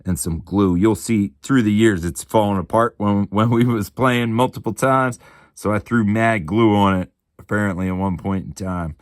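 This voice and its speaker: Laid-back guy in his 40s chatting and cussing at home, real low voice, dry close sound. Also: fairly even intonation, normal speed, dry recording. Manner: laid-back, chatty, swears freely, keeps asking "right?". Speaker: miniature hobby channel host. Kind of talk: casual show-and-tell chat. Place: home hobby room.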